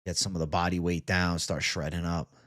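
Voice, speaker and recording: Low-ish voiced guy chilling on a livestream, reading chat, joking around. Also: flat delivery, a little fast, a bit bright. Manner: laid-back, joking, swears casually. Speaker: livestream host. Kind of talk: casual live chat reading comments.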